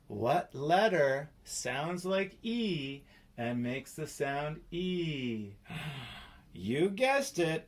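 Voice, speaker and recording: Male phonics teacher, slightly high, slow and playful with kids. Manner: slow, playful, sounding out letters. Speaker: spelling teacher. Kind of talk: children's phonics lesson.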